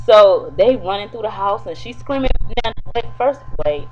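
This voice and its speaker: A woman's voice: mid-range voice, expressive, moderate pace, few pauses. A woman in a casual, chatty soap opera episode recap, talking straight to her viewers. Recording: dull lo-fi with faint hum.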